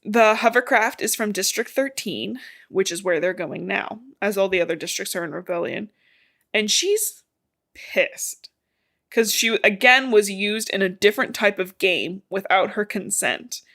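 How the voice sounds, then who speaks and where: A woman's voice: medium pitch, measured pace, fairly bright tone. A young woman podcast co-host retelling a novel's plot in casual chat, swearing freely and acting out the characters' lines. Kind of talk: casual book recap chat.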